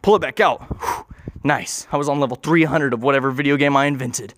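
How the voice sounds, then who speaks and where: A man improvising an absurd story in a rambling, excitable way, swearing and acting out the scenes. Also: medium pitch, fairly quick.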